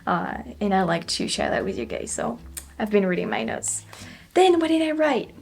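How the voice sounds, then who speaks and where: A woman's voice: medium pitch, big pitch swings, normal speed, gravelly. A young woman from France speaking English with a French accent, chatting casually to her viewers about her trip, with frequent laughs and lots of fillers and restarts. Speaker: travel vlogger. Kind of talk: casual chat to camera.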